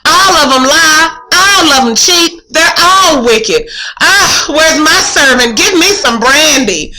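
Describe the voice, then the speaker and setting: A weary, bitter older nursemaid, read aloud by a woman. The voice is high and bright, and the lines come as a plain classroom reading of modern prose. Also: lively intonation, takes it slowly, a little hiss or hum, full character voice, poor audio.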